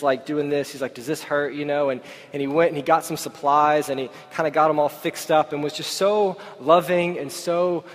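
Pastor guy, kinda high voice, chatty sermon at church, lots of hall reverb. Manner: conversational storytelling from the pulpit. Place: church service.

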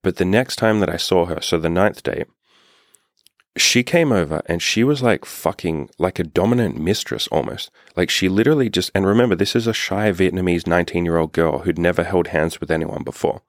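A man with a deep, low voice tells a story in a loose, chatty way, swearing freely and piling up fillers. He is a dating coach talking straight to his viewers. The sound is close and dry, with no room echo. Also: fairly quick. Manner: blunt, profane, filler-heavy storytelling. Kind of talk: casual storytelling monologue.

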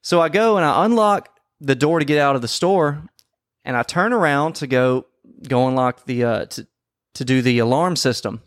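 Man on a podcast, casual storytelling, profane and animated, mid-pitched voice, dry close sound. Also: moderate pace, dry recording. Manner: profane, animated, acts out quotes loudly. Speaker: podcast co-host.

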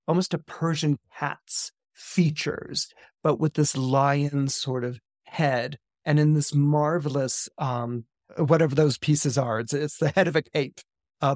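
A man's voice: a little high, darkish tone, no echo, studio quality. A man, an astrologer, retelling a film's plot in casual storytelling with many fillers and restarts, acting out the characters' quotes.

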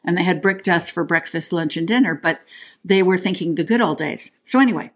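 A woman's voice: lowish voice, a little fast. A woman co-hosting a podcast, talking casually in a chatty, playful way and reading scripture aloud. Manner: chatty and playful, with frequent restarts. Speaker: podcast co-host.

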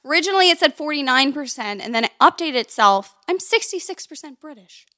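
A woman's voice: sits high, expressive, fairly quick, pushed and bright, no echo, clean studio sound. A woman co-hosting a casual chat podcast, giggly and chatty, explaining drink recipes. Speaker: podcast co-host.

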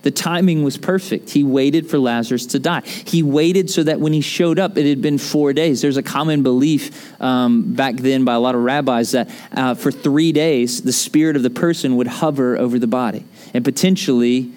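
A man pastor delivering a sermon in a conversational, joking and animated manner. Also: mid-range voice, moderate pace, few pauses.

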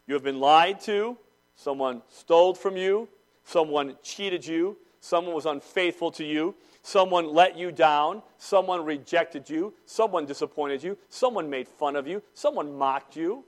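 A pastor with a rather high male voice preaching to his congregation in a church. He swings from ringing, emphatic declarations to low, hushed intensity, often repeating phrases for weight. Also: unhurried. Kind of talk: sermon.

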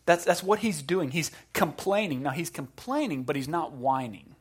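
A man preaching a sermon, moving between quiet, intense passages and loud, impassioned ones. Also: a little high, lively intonation, moderate pace, slightly rough. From South Carolina. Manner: dynamic preaching, swinging from hushed to loud. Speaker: pastor.

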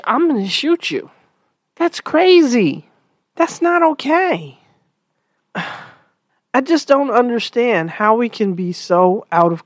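A woman giving an earnest spoken commentary, asking rhetorical questions with sighs and lively pitch swings. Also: dry recording.

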